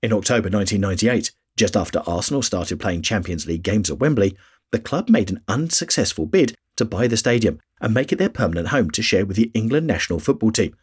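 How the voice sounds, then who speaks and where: Male podcast host, scripted history narration, raspy voice, animated intonation. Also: lowish voice, quick pace.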